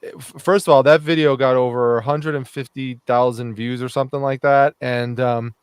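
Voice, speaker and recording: A man's voice: mid-range voice, fairly even intonation, moderate pace, clean tone, no room sound. A man who is a reselling YouTuber, telling a story on a live chat show in a reflective way, with frequent fillers. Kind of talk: casual storytelling.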